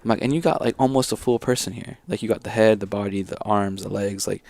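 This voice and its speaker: A man's voice: on the low side, fast, gravelly, a little mellow, no echo. A man telling his story casually as an interview guest, rambling and acting out what his teachers said. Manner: rambling, acts out teachers' lines.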